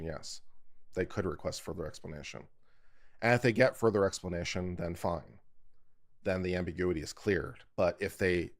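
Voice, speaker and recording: A man streaming legal commentary, explaining jury charges and critiquing his own speaking habits in a casual, self-critical way. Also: sits low. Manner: self-critical, explanatory, talks through his edits aloud.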